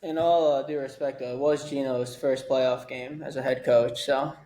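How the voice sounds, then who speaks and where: A man co-hosting a podcast, adding context in a measured, casual way. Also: mid-range voice, fairly even intonation, mellow. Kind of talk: casual chat. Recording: roomy, faint noise.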